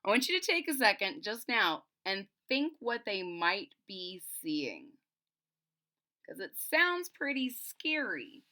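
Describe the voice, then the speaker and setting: A woman reading a children's picture book aloud, stopping to explain and build suspense. Her voice is bright and lively, and her pace is slow and unhurried. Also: medium pitch. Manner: animated, explains story to children. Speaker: storybook reader.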